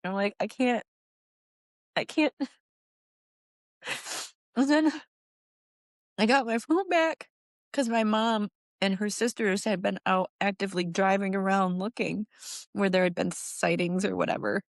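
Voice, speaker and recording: A middle-aged woman with a gravelly, creaky voice, telling her story in halting, repeated phrases. Her pitch leaps up high as she relives the hardest moments. The sound is dry and close. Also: steady tone, dry recording. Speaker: guest, grieving mother. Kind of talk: emotional personal storytelling.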